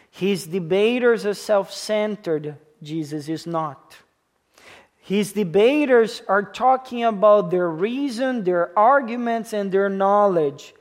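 This thirties-aged pastor delivers his sermon in English, his second language, with a foreign accent and an animated, high voice. He goes slowly and deliberately, stressing and repeating key words while checking in with his listeners.

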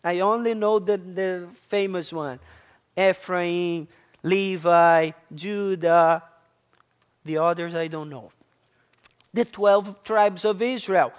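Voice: medium pitch, steady tone, slow, clean tone. A preacher delivering a sermon, stressing and repeating key words and asking the congregation questions. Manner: emphatic, repeats key words, addresses listeners as church.

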